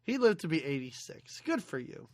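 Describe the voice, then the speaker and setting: Podcast co-host, wry, lively intonation, dry close mic. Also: mid-range voice, moderate pace, no echo. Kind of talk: casual movie chat.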